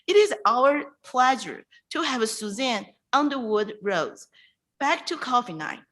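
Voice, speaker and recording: A woman hosting a virtual reading night, introducing a poet in an emotional, halting way over a video call. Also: fairly high pitch, sing-song, a bit bright, low-quality recording. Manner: emotional, halting, with restarts and pauses. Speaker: event host introducing a poet.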